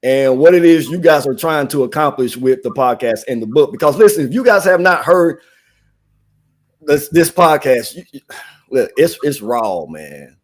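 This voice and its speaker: A man's voice: mid-range voice, expressive, moderate pace. A man hosting a live online show, casual and upbeat, often restarting and saying "man". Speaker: livestream host.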